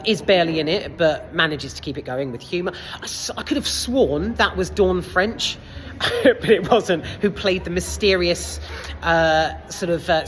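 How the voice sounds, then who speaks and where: A woman with a low voice gives a casual film review in a cinema foyer. She talks hesitantly with plenty of fillers, a lively swinging pitch and the odd swear word, and the long reverb of the hall trails behind her. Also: slight background noise.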